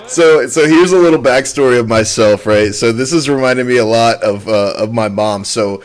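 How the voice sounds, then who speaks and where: A man's voice: mid-range voice, normal speed. A young man from North Carolina, chatting casually as he reacts to a video, with frequent fillers and laughter. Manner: relaxed, laughs often, many fillers.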